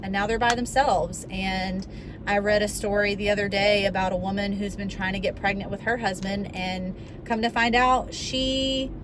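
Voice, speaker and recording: A woman's voice: mid-range voice, fairly even intonation, moderate pace. A young woman chatting casually and earnestly to the camera in a rambling vlog, talking while she drives. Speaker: vlogger. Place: in a car on the road. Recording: car recording with road noise. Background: road and car noise.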